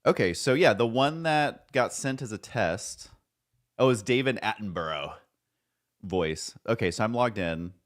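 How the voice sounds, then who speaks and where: A man's voice: on the low side, animated, a little slow. A man streaming live, chatting casually and rambling, joking at his own expense and swearing now and then.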